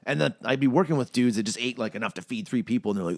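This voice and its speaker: A man's voice: medium pitch, fast talker, no echo, studio quality. A young man co-hosting a casual podcast, rambling through stories, swearing freely and breaking into joke song parodies. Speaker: podcast co-host.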